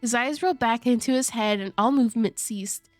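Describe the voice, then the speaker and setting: A woman's voice: on the high side, fairly quick, no room sound, faint music behind. A woman streamer reading a game's text aloud, breaking off into playful asides and stifled giggles, keeping her voice down at night. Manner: giggly, playful asides, stumbles over words; holding back laughter, kept quiet at night. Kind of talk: reading a game aloud with casual commentary.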